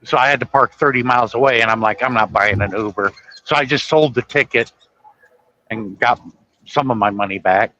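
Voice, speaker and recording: A man's voice: medium pitch, brisk, bright, forceful tone, dull audio, a little hiss or hum. A man telling a long, rambling story in casual chat, acting out the dialogue as he goes. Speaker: guest storyteller.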